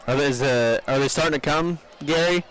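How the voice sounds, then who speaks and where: A man's voice: fairly high pitch, brisk, fairly bright tone. A young man co-hosting live parade coverage outdoors, giving brief upbeat replies and announcer-style sponsor reads. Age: young adult. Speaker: parade co-host.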